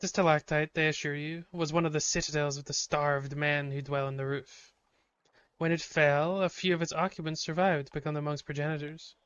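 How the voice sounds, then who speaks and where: Bright, clear-voiced man streaming a game. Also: on the high side, steady tone, brisk, dry recording, dull audio. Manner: reads game text aloud, swears when startled. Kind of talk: live game commentary.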